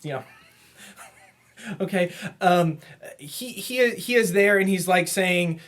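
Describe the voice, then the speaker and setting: A man co-hosting a comic book podcast, casually recapping plots and quoting characters in quick put-on voices, laughing often. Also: sits high, a bit bright. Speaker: podcast co-host. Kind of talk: casual comic review chat.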